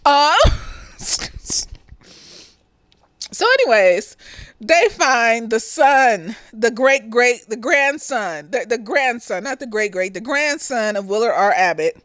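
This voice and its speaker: A woman's voice: a little high, lively intonation, takes it slowly, fairly bright tone, no echo. A young woman chatting casually through a TV review. She laughs often, swears, and acts out the characters in quoted voices. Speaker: reviewer of a TV show. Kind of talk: casual tipsy review chat.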